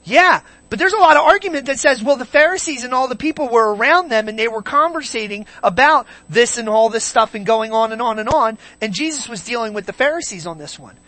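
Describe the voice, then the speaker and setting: A preacher giving a verse-by-verse Bible teaching, emphatic, slowing on key words and asking many rhetorical questions. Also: mid-range voice, animated, bright, forceful tone, dry recording.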